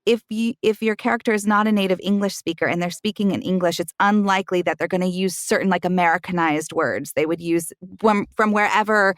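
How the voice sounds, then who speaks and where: A woman's voice: fairly low pitch, fairly even intonation, fairly quick, hardly any pauses, no echo, clean studio sound. A woman hosting a casual roundtable podcast, drawing her guests out with thoughtful questions. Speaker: podcast host.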